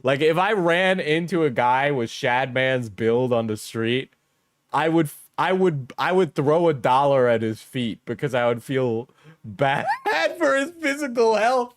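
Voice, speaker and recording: A man's voice: medium pitch, very animated, unhurried, no echo, studio quality. A man hosting casual online commentary, rambling and mocking with crude jokes, constantly saying "like" and "right?". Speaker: commentary channel host.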